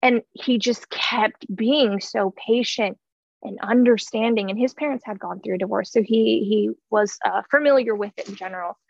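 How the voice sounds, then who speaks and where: A woman's voice: a little high, moderate pace, gravelly, no echo, lo-fi sound. A woman in her thirties telling a heartfelt personal story in an earnest way, with many fillers and restarts. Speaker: guest sharing her story.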